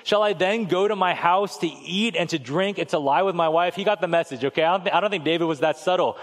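A man in his thirties preaching a sermon in a relaxed, conversational storytelling way, acting out voices as he goes. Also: high-pitched, quick pace. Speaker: pastor. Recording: long hall reverb.

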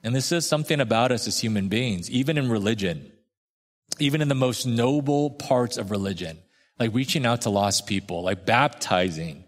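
Conversational male preacher in a reverberant hall. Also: mid-range voice. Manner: conversational, acts out quoted voices, slows for emphasis. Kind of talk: sermon.

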